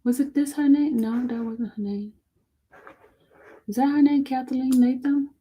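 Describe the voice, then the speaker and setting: The live stream's host reads a court document in a high, mellow, slightly rough voice at a measured pace. Between passages she turns chatty and informal, and the legal terms trip her up.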